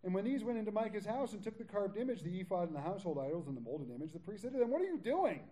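Racing along in a high voice, a man reads scripture aloud verse by verse, breaking in with casual jokes and paraphrases as he leads a Bible study. He's animated and conversational, though the recording is rough.

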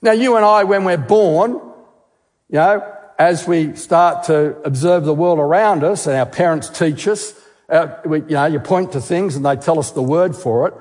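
With a fairly high but darkish voice and a moderate pace, a guest-speaking geologist preaches emphatically, posing questions and repeating key words. The long reverb makes it sound like a large hall.

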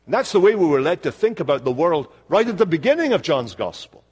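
An older man with a Scottish accent preaching a sermon in a church, slowing down to stress his key words. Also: on the high side, husky. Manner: expressive preaching, slowing for emphasis. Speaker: pastor. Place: church sanctuary. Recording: long church reverb.

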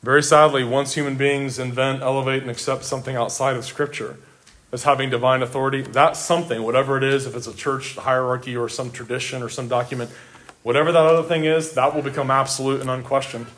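A man's voice: medium pitch, flat delivery, fast talker, fairly bright tone. A man preaching a sermon, emphatic, repeating words for stress and addressing his listeners directly. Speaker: pastor.

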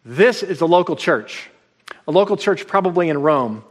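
A man preaching a plain-spoken, emphatic sermon to his congregation, slowing down to stress his points. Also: on the high side, animated. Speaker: pastor. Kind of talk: conversational sermon. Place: church sanctuary. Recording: long reverb of a large hall.

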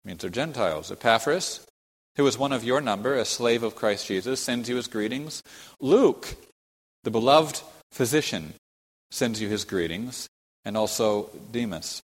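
A man's voice: medium pitch, lively intonation, moderate pace. A man teaching a Bible lesson as a sermon, explaining the passage step by step, reading quotes aloud and pointing to a map. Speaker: preacher teaching a Bible study. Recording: long hall reverb.

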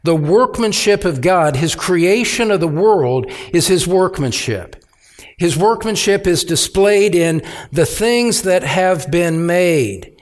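A male pastor delivering an expository sermon at an unhurried pace. His voice sits somewhat high, and he presses his points through emphatic repetition. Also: expressive. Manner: deliberate, emphatic preaching.

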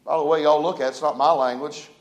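A man preaching a sermon, his voice sitting high for a man. He talks in a folksy way, rising loud and falling quiet. The sound rings around a roomy church sanctuary. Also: fairly even intonation, fast. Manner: folksy, dynamic preaching with big swings in loudness. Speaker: pastor. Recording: echoey church room.

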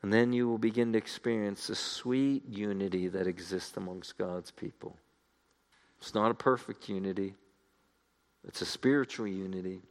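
A man's voice: lowish voice, normal speed. A man preaching a sermon, earnest and building to fervent appeals to his listeners.

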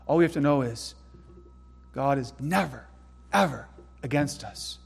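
A man preaching a sermon in an earnest way, dropping to hushed tones and rising to sudden loud emphasis. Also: medium pitch, animated, a little slow, gravelly, slightly rough, long reverb tail, soft background music. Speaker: pastor.

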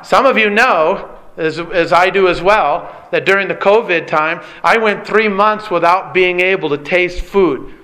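A man's voice: high voice, pushed and bright. A middle-aged man preaching a sermon as pastor, earnest and pleading, often asking rhetorical questions.

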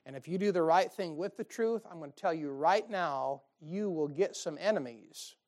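A man's voice: on the high side, animated, normal speed, a little mellow. A man preaching a sermon in a folksy, emphatic way, with many asides to his listeners. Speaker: pastor.

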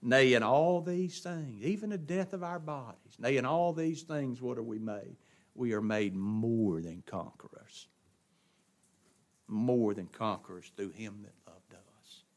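In this sermon a man poses rhetorical questions and then answers them, moving from hushed drops to emphatic bursts. His voice is mid-range and his pace measured.

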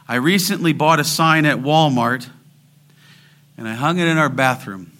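A man preaching a sermon and leading prayer, swelling loud on scripture and dropping to a hush when he prays. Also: a little high, moderate pace. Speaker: pastor.

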